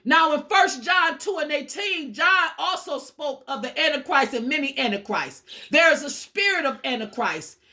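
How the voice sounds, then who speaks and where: A woman's voice: high voice, animated, moderate pace, hardly any pauses, sharp tone. A woman giving an informal sermon-style talk, emphatic and repetitive, casually swearing and calling her listeners "y'all". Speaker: spiritual teacher.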